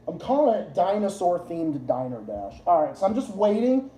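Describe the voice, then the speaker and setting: A man's voice: sits high, very animated, normal speed, dark tone. A man hosting a casual livestream, rambling and swearing, often laughing at his own jokes. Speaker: livestream host. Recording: roomy echo.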